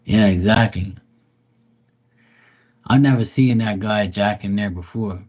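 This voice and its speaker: A man's voice: lowish voice, a little slow, a little mellow. A man, chatting casually on a live stream, profane and mocking, drawling as he quotes people in exasperated put-on voices. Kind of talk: casual ranting chat.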